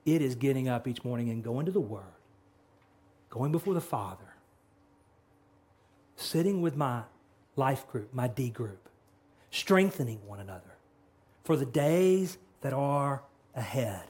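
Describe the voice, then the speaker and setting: A man's voice: mid-range voice, expressive, a little slow, long pauses, a little mellow, husky. A man preaching a sermon who retells scripture dramatically and acts out its dialogue. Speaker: pastor.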